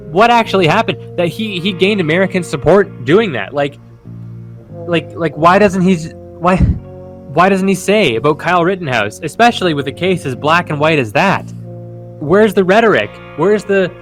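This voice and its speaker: Guy rambling and swearing on a podcast, kinda high voice, faint music behind. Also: expressive, unhurried, fairly bright tone. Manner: rambling, profane, with many restarts. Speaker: podcast co-host. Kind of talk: casual political chat.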